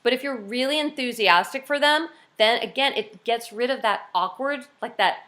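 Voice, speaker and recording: A woman's voice: on the high side, normal speed, a bit bright. A woman coaching her team on a video call, chatty and upbeat, acting out cheerful quotes now and then.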